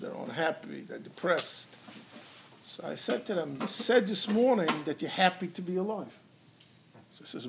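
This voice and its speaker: A man with a high, gravelly voice teaches a Torah class, sliding Hebrew and Yiddish terms into his English. He lifts his voice for emphasis and acts out little stories with quoted dialogue. A faint hum of room ambience sits behind him. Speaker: rabbi teaching halacha. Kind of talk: Torah lecture.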